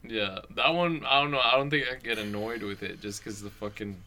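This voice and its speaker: A man's voice: mid-range voice, brisk, sharp tone. A young man co-hosting a podcast in casual chat, laid-back, swearing freely. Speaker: podcast co-host.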